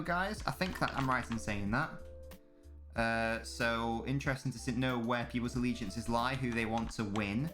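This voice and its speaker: A young man talks loosely with his live chat, swearing and joking between messages. His voice sits at a middling pitch. Faint music and keyboard typing play underneath. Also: fairly bright tone. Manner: casual, swears, banters with chat, reads messages aloud. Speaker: streamer. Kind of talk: live football watch-along chat.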